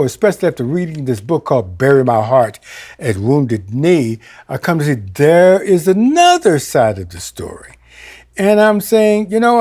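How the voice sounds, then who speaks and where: A male minister preaching a sermon, telling a personal story and swinging between loud exclamations and quiet asides. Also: on the high side.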